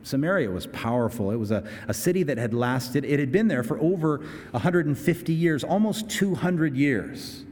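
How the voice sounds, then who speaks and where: A man's voice: on the high side, animated, normal speed, hardly any pauses, darkish tone. Man preaching in a reverberant hall. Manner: expository preaching, casual asides and dramatic outbursts. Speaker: pastor. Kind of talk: sermon.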